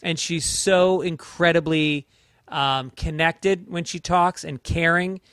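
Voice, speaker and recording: A man as a comedian guest in casual chat, thinking out loud and correcting himself. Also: a little high, slow pace, clear, resonant tone, no echo, studio quality. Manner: thoughtful, correcting himself as he talks.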